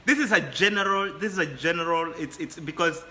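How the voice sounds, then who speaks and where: High, bright-voiced man repeating words. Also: a little fast, roomy sound, slight background noise. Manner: repeats words as he builds his points. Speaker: guest. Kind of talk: casual chat.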